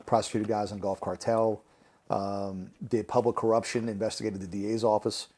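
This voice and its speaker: A man, a podcast guest telling stories in a relaxed, conversational way. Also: fairly low pitch, normal speed. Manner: animated, laughing through anecdotes, acting out quotes. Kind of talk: conversational storytelling.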